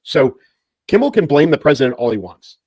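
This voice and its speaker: A man's voice: on the high side, big pitch swings, fairly quick, a little mellow, slightly rough, dry recording. A man co-hosting a political talk show, explaining points emphatically.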